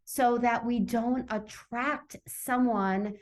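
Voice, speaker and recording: A woman's voice: on the high side, steady tone, slow pace, a little mellow. A woman guest in an interview, telling a personal story and acting out her own inner voice, heard over a video call. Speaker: summit guest, author.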